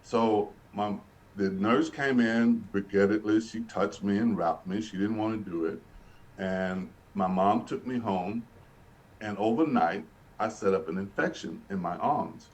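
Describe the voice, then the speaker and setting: Speaking a little slowly in a fairly low, slightly mellow voice, this Birmingham, Alabama man shares his life story earnestly as an interview guest. He frequently repeats and restarts phrases, and the mic catches him from afar.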